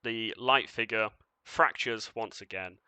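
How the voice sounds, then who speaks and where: A man's voice: fairly low pitch, unhurried, pushed and bright, clean tone, no room sound. A man narrating as game master of a tabletop game, casual and loose, with fillers and chuckles.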